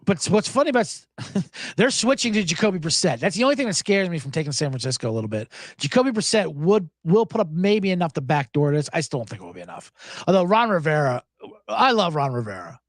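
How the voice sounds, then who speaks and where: A male podcast host riffs on his picks in an animated, sarcastic way and swears freely. His pitch swings widely, and the dry recording has no room sound. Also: quick pace, no room sound. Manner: animated, sarcastic, profane, laughs often. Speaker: sports betting podcast host. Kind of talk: casual solo podcast talk.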